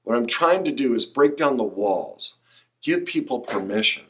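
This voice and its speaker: A man's voice: medium pitch, moderate pace. A middle-aged man hosting a podcast, talking emphatically and passionately, sometimes sounding preachy. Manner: emphatic, preachy, rising to excited outbursts. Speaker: podcast host. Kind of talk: passionate solo podcast monologue.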